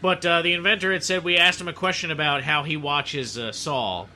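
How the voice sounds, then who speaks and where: A man hosting a casual chat, animated and quick to swear, often restarting his sentences. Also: fairly high pitch. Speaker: podcast host.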